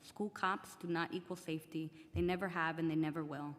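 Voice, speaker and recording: With a low-pitched, steady voice moving a little fast, a teenage girl reads prepared testimony aloud as a student at a public hearing. English is not her first language, she speaks earnestly, and the big council chamber gives a long reverb.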